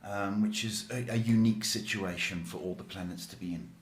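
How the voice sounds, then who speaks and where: A man's voice: lowish voice, steady tone, a little fast. A male psychic host answering viewers' questions on a live stream, chatty and reassuring, often saying "okay" and "folks". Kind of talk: live-stream advice chat. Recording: echoey room.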